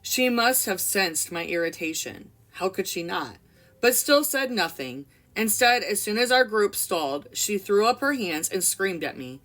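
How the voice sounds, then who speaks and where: A woman's voice: mid-range voice, lively intonation, measured pace, a bit bright. A young woman reading a memoir aloud expressively, breaking off for casual commentary. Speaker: book reader and commentator.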